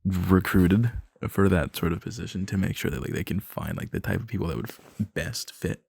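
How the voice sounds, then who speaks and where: A young man with a very low, gravelly voice rambles through an ASMR boyfriend role-play. He talks nervously, laughs and swears as he goes. His voice sits close on the mic in a dry, dead room. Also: brisk, a little mellow, no echo.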